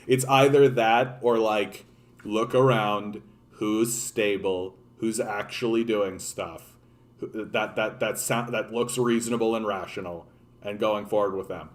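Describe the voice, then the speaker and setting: A man's voice: lowish voice, fairly even intonation, a little slow. A Canadian man delivering ranting political commentary, bluntly and with passion, stumbling over repeated words and constant "like" fillers. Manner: blunt and impassioned.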